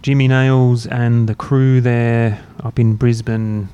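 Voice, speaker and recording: A man hosting a podcast, chatting in a relaxed, rambling, self-mocking way while drinking beer. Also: medium pitch, slow, smooth, highs cut off. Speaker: podcast host. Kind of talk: casual chat. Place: university room, drinking beer.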